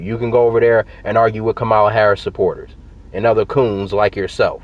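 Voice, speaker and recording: A man's voice: fairly low pitch, little pitch movement, fast talker, highs cut off. A man giving heated, emphatic political commentary to his viewers in a direct-to-camera vlog, repeating his points for force. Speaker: political vlogger.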